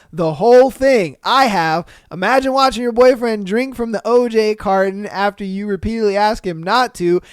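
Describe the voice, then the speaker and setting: A young man hosting a podcast in a casual, slangy way, laughing often and swearing freely, with a fairly high voice that has a little depth. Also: clear, resonant tone, no room sound, studio quality. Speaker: podcast host. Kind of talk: casual podcast chat reading listener answers.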